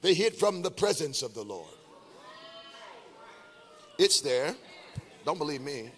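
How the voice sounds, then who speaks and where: High-pitched man preaching with chanted shouts. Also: big pitch swings, takes it slowly, long reverb tail. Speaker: pastor. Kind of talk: sermon.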